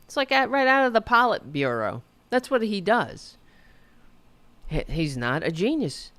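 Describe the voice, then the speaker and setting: A woman's voice: mid-range voice, big pitch swings, measured pace, a bit bright, no echo. A woman hosting a podcast, delivering an indignant, sarcastic political rant and swearing freely. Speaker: podcast host.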